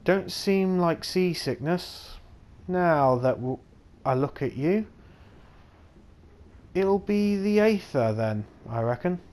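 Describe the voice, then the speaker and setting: A man voicing a friendly, folksy male merchant on a ship, reading his lines in a slow, halting way. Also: high-pitched, animated, darkish tone, voice pushed up.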